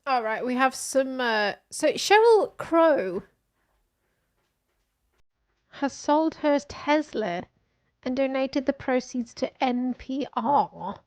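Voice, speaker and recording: A woman streamer reading news posts aloud and reacting in a casual, animated way, with exclamations. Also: high voice, slow pace, long pauses.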